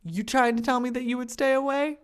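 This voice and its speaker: A woman's voice: high-pitched, steady tone, brisk, smooth. Young woman podcast cohost, joking around, laughs a lot, doing little voices for quotes. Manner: playful, laughs often, acts out quotes. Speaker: podcast co-host. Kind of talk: casual chat.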